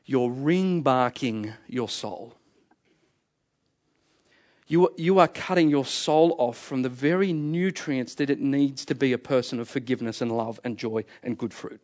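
A man's voice: medium pitch, unhurried, pauses often, darkish tone. A middle-aged man preaching a sermon, emphatic and fond of repeating key phrases. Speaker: pastor.

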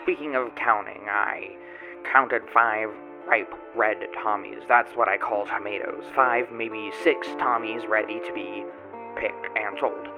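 A man's voice: fairly low pitch, fairly even intonation, a little slow, rough recording. A man playing a boastful, grubby male tomato grower, telling his tale in a rambling folksy way with odd grammar, in a first-person character monologue. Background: music.

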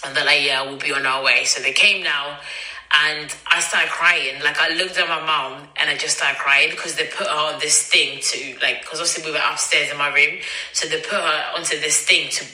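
A woman's voice: low voice, steady tone, moderate pace, pushed and bright. A woman, telling a personal story as podcast host in a chatty way, acting out dialogue and using many fillers. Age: 20s. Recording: roomy echo.

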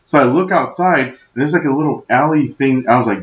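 A man co-hosting a casual podcast, telling profane stories in an animated way and shouting when he quotes himself. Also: mid-range voice, brisk, hardly any pauses. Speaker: podcast co-host. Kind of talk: casual chat, storytelling. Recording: echoey room, dull lo-fi sound.

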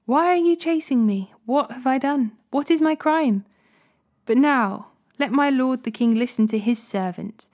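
A woman reading the words of a young male warrior, David, aloud from scripture, lifting her pitch on his emphatic lines. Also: moderate pace, few pauses, a little mellow, natural voice. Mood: pleading.

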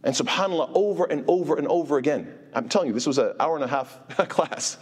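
A man giving an informal religious lecture, animated and asking his listeners rhetorical questions. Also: a little high, quick pace, husky. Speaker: Islamic teacher. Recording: long hall reverb.

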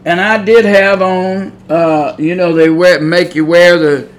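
A middle-aged man preaching a sermon on his podcast, fiery and loud at the warnings, chatty and easygoing in his asides. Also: high-pitched, steady tone, measured pace, low-quality recording. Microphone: podcast mic.

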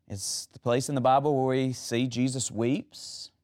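A man's voice: mid-range voice, fairly even intonation, a little slow, a little mellow. A man preaching a sermon, retelling Bible stories and asking the audience questions.

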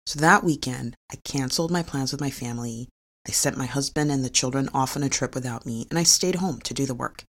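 Creaky-voiced woman telling a personal story. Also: very deep voice, fairly quick. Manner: earnest and confessional, with small laughs. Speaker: physician and researcher.

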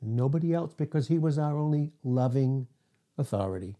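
Older male pastor, deep mellow tone, relaxed Bible teaching with frequent self-mocking chuckles. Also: normal speed. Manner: chuckles often, self-deprecating asides. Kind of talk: informal Bible teaching sermon.

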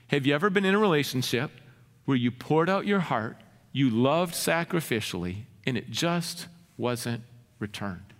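A man's voice: on the high side, a bit bright. Earnest preacher man in a reverberant hall. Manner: earnest, asks the congregation rhetorical questions. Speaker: pastor. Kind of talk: sermon.

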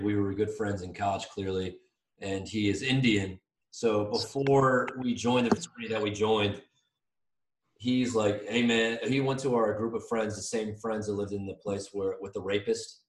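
Man, 30s, podcast co-host; low voice, rambling storytelling, sounds off-mic in a roomy space. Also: moderate pace, far from the mic. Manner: rambling, animated storytelling with restarts. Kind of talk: casual storytelling chat. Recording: echoey room, voice off-mic.

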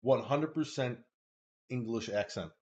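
A man co-hosting a casual streamed talk show, telling a story in a loose, profane, animated way. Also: medium pitch, unhurried. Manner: animated storytelling, profane, puts on silly British voices. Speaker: podcast co-host. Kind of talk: casual chat. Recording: dull lo-fi stream audio.

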